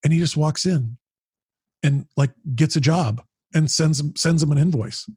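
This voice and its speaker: A man being interviewed as a podcast guest, telling animated, rambling stories with frequent restarts and the odd swear. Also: a little high, normal speed, breathy edge, no echo, studio quality. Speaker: podcast guest, founder of a business mastermind group. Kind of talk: casual storytelling conversation.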